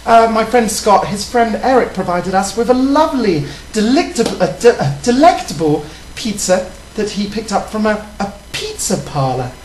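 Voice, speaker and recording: A woman's voice: mid-range voice, big pitch swings, a little mellow, reverberant, slight background noise, lightly acted, rough recording. A woman putting on a prim British lady. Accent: put-on British. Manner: genteel and overly polite, drawn-out exclamations. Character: prim, proper European lady, fussy and easily offended. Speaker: co-host. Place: hotel studio.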